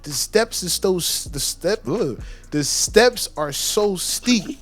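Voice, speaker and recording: High, bright-voiced man telling a story. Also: slow pace, no room sound. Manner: animated, profane storytelling with acted-out screams. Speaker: podcast storyteller. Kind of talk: casual chat.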